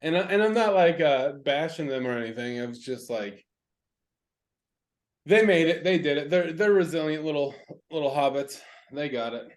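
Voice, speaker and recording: A young adult man, a podcast co-host, talking in casual chat with halting restarts and supportive backchannels. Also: a little high, animated.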